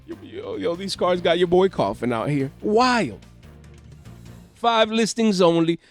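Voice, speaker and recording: A man's voice: high-pitched, unhurried. Hyped-up man with music behind. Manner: excitable slangy hype, repeats catchphrases. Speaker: card market channel host. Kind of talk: hyped market commentary. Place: home.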